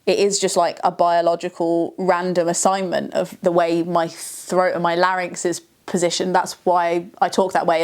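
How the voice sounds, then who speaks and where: A woman thinking aloud in a reflective vlog monologue, musing and restarting her sentences as she goes. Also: lowish voice. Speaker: video creator.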